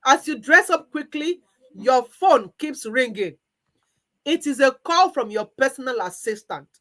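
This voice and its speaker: A woman coach with a Nigerian accent tells a story in the second person, guiding the listener through an imagined day. Her voice is fairly high, and her storytelling is lively. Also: measured pace, rough recording. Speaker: weight-loss coach. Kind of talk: guided visualization narration.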